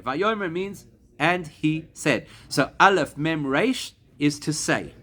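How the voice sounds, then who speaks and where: Rabbi teaching a Talmud class. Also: male voice, a little high, animated, pushed and bright. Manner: explanatory, slows to spell out Hebrew and Aramaic words. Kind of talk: classroom lesson to a live group.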